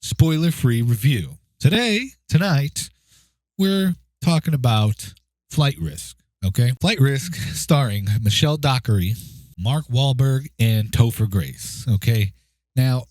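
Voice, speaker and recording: Chatty mellow-voiced man reviewing a movie. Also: mid-range voice, no room sound. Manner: chatty, keeps asking "okay?" and "right?". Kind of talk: casual spoken review.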